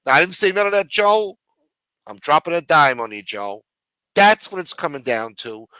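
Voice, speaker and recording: A man's voice: a little high, very animated, moderate pace, pushed and bright, no echo, voice pushed up. A man putting on the voice of a whiny young man who has just been jailed and threatens to snitch. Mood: pleading. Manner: whining, pleading, sarcastic.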